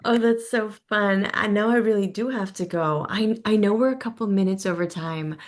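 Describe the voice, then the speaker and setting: A woman hosting a video call, steering the talk politely and speaking quickly. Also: mid-range voice. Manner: friendly, quick, polite moderator. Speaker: host. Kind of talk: casual video call chat.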